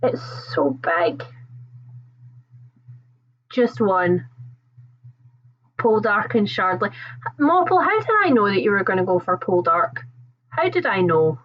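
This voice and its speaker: A chatty woman with a lightly Scottish accent hosts a relaxed book livestream, talking warmly to her viewers, reading their comments aloud and laughing easily. Her voice sits at an ordinary middle pitch for a woman. The sound is dull and lo-fi. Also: takes it slowly, long pauses. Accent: Scottish, toned down. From Scotland. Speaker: book channel host.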